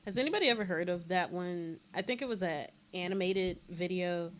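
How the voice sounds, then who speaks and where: A woman's voice: on the low side, expressive, brisk, a little hiss or hum. A woman guest in a casual gaming chat, telling stories and putting on voices for quotes. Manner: storytelling, puts on voices for quotes. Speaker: guest player.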